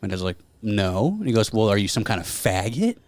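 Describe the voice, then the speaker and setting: With a fairly low pitch and a brisk pace, a man co-hosting a podcast relays a story in relaxed chat, performing the voices of those he quotes. The recording has no echo.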